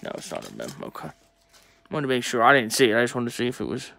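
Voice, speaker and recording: A young man talking casually to viewers while opening sports cards, chatty and excitable. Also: mid-range voice, fast talker, gravelly. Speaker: sports card collector opening packs. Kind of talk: casual pack-opening vlog.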